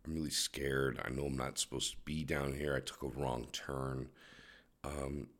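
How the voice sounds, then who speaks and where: A man's voice: very deep voice, level tone, normal speed, a bit bright, voice pushed down. A man putting on the voice of a timid, polite, lost young man who is scared and pleading for help. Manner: meek, pleading, hesitant.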